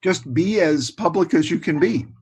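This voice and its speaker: An older man, a guest expert in a casual interview, talking with warm enthusiasm and often repeating words. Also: on the high side, animated, moderate pace, slightly rough. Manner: warm, enthusiastic, repeats words and says "you know" a lot.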